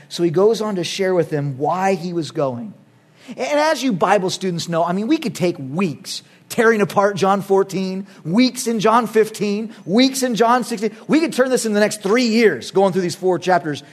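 A middle-aged man preaching a sermon as pastor, emphatic, moving between loud urging and quiet, earnest asides. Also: sits high.

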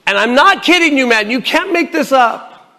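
High-voiced man telling his testimony. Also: moderate pace. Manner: lively storyteller who acts out the dialogue and laughs often. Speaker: lay minister sharing his testimony. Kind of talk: personal testimony at a church gathering.

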